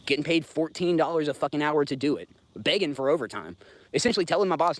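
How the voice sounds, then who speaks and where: A man's voice: fairly high pitch, expressive, fast talker, no room sound. Profane Southern man in his thirties. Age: 30s. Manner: profane, blunt, rambling, talks straight to chat. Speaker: livestream host. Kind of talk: casual livestream rant.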